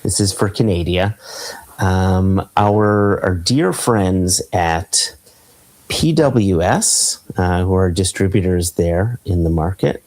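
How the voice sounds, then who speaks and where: A man hosts a casual podcast chat over a video call, savoring and describing a whisky aloud. His voice sits very low. He talks at an unhurried, slow pace. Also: expressive, darkish tone, rough recording. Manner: easygoing, enthusing over flavors. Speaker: podcast host.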